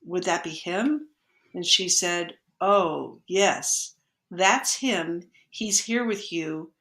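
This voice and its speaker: Her voice is fairly low and she speaks extremely slowly, recorded in an echoey room. As a guest on a podcast, this energy healer tells a personal story in a lively way, performing the quoted lines of those involved.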